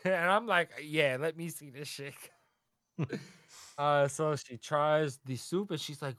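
A man co-hosting a casual podcast, retelling a manga chapter in an animated way, acting out the characters and laughing as he goes. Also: a little high, a little slow, dry recording, clean studio sound. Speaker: podcast co-host.

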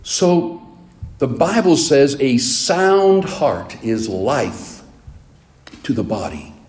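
Echoey, mellow-voiced male preacher. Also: medium pitch, very slow. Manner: animated storytelling preaching. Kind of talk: sermon.

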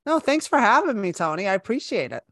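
A woman's voice: fairly high pitch, big pitch swings, fast talker, fairly bright tone, no echo, studio quality. A middle-aged woman from the West Coast, a comedian guest in a casual podcast interview, brash and self-mocking. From West Coast of the United States.

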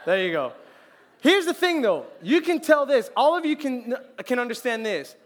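Lively, high-voiced young male preacher. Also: moderate pace. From Colombian family, raised in Florida. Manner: lively, joking, acts out quotes. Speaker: youth pastor. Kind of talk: sermon.

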